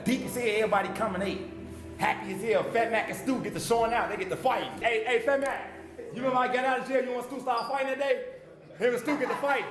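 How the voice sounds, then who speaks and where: A man telling street stories in an animated, excited way, full of swearing. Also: high-pitched, roomy sound. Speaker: interviewee from the neighborhood. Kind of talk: animated storytelling.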